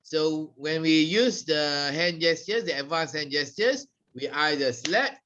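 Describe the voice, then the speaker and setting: A man leads a public speaking class, his high, bright voice leaping around as he demonstrates stress and tone. He talks at an unhurried pace, and the recording sounds dull and lo-fi. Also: lively intonation. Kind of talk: classroom lecture.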